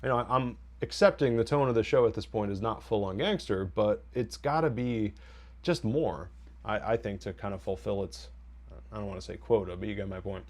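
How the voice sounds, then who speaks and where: A man with a lowish voice talks through a TV episode in a loose, rambling recap. He gets wry about the plot and quotes the characters in quick mock voices. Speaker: TV review podcast host. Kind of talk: casual spoiler recap and review.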